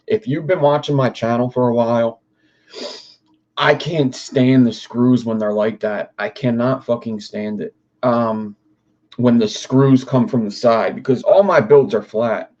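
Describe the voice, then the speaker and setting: A young livestream host with a middle-pitched, steady, darkish voice rambles unhurriedly through a casual stream, reacting to chat, swearing freely and drifting from topic to topic. The audio sounds dull and lo-fi.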